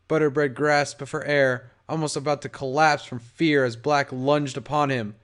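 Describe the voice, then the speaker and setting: A man narrating a fan audiobook in an expressive storytelling read. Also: medium pitch, normal speed, few pauses.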